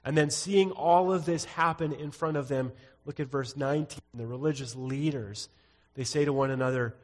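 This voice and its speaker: A man's voice: fairly high pitch, normal speed, big-room sound. A man preaching a sermon, teaching through scripture and reading verses aloud with frequent "uh" fillers. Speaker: pastor.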